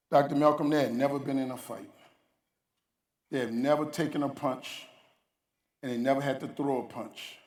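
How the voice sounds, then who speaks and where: A man's voice: a little high, recorded from a distance. A man giving a motivational keynote speech, telling stories in a folksy, emphatic way and acting out the dialogue. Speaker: keynote speaker. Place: large conference hall. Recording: roomy hall, voice from off-mic.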